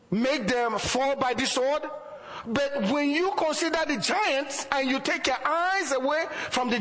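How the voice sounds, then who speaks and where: A man's voice: very high voice, fairly bright tone, in a large hall, poor audio. A man preaching a sermon as pastor, asking the congregation rhetorical questions and chuckling between points.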